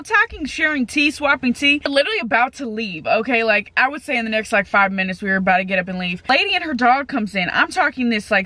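A woman's voice: fairly high pitch, pushed and bright, no room sound. A woman in her twenties chatting casually as a vlogger, full of fillers and swearing freely, talking into a handheld camera. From California. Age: 20s. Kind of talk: casual vlog chat.

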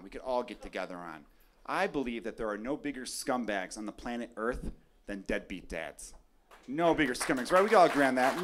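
A young adult man doing a stand-up comedy set, ranting loudly toward his punchlines while the audience laughs. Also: on the high side. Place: comedy club stage. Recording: live club recording with crowd noise.

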